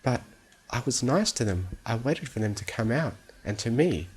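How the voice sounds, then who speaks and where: A man voicing a timid young female pegasus filly with a soft, quavering voice that hisses when she is upset, in a storybook reading. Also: mid-range voice, animated, moderate pace, breathy edge. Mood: unsure soft.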